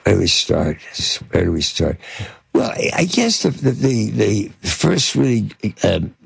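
A man's voice: lowish voice, sing-song, a little slow, gravelly, breathy edge, no echo. An older man, a film producer, telling rambling anecdotes in an interview with many fillers and restarts. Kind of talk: casual anecdotal storytelling.

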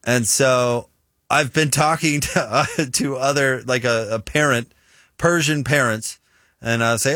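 A man's voice: medium pitch, unhurried, dry recording, studio quality. A man with a Utah American accent, hosting a sports radio show in casual, chatty talk. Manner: chatty, self-deprecating, animated storyteller.

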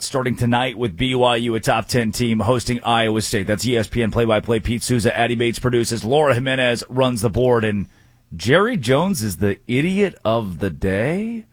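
A man hosting a sports talk show, making college football picks with quick wisecracking asides. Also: mid-range voice, steady tone, no echo. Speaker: sports radio host.

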